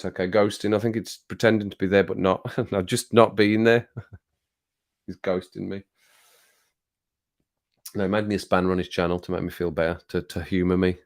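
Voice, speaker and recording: Bloke doing a chatty livestream, lowish voice, rambles on, jokey, gets a bit wound up. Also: male voice. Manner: rambling, jokey, easily worked up. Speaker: livestream host. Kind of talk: casual chat reading viewer comments.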